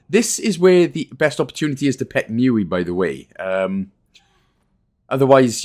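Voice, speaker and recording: Chatty man with a lively voice. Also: mid-range voice. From Wales. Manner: chatty and self-deprecating, with jokey asides. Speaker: gaming guide host. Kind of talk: casual game walkthrough commentary.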